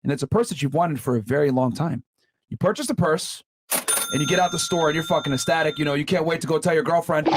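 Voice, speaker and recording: A man's voice: fairly high pitch, fast, over loud music. A man hosting a podcast, bluntly lecturing and talking over his guests in a debate. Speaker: podcast host. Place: podcast studio.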